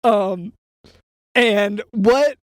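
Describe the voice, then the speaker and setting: A man's voice: high voice, very slow, dry recording, clean studio sound. A man on a comedy podcast playing a mock-earnest, hesitant interviewer. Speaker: podcast co-host asking questions. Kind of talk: improvised comedy chat.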